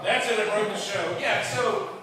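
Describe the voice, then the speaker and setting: A man's voice: mid-range voice, animated, normal speed. A man in his fifties from South Carolina doing a wry, self-deprecating stand-up comedy set. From Charleston, South Carolina. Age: 50s. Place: comedy club with live audience. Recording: echoey club audio from far off with crowd.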